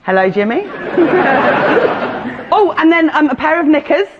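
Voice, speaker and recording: A woman's voice: high-pitched, big pitch swings, normal speed, over a noisy crowd, very noisy. Female comic guest, giggly and self-deprecating; dull broadcast sound with audience behind. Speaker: comedian guest. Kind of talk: comic confessional chat.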